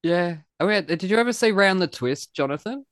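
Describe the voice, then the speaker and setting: A man's voice: sits high, lively intonation, brisk, fairly bright tone, dry recording, clean studio sound. A man from Australia, hosting a podcast with a joking, self-mocking manner and casual swearing. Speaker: podcast host. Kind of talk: casual chat.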